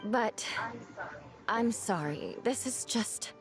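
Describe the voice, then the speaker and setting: A woman's voice: on the high side, lively intonation, music in the background. Eula, a giggly tipsy noblewoman. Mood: savoring. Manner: giggly, drawn-out tipsy delivery. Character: tipsy proud young noblewoman knight. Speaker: game character. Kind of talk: video game voice acting.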